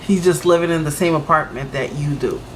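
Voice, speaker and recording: A man's voice: a little high, brisk, a little hiss or hum, rough recording. A man hosting a reaction video, chatting incredulously about the story he is watching. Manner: chatty, incredulous, laughs between remarks. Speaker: reaction host. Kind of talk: casual reaction commentary.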